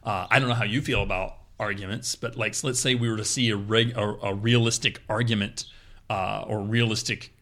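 A man chatting casually on a podcast about improv, animated and quick to laugh. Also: fairly low pitch. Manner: animated, laughs often, jumps into playful quoted voices. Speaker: improv performer, podcast guest.

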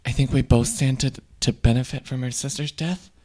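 A man's voice: mid-range voice, steady tone, darkish tone, lightly acted. A man playing a tipsy, rambling middle-aged sister. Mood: scheming. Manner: rambling, halting, wry. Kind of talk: improvised comedy scene.

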